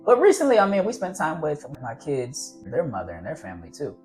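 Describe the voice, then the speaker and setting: A man's voice: a little high, huge pitch swings, fairly quick, a little mellow, faint music behind. A man vlogging casual, earnest advice on fatherhood, rambling and encouraging as he talks to his viewers. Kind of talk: casual advice talk to camera.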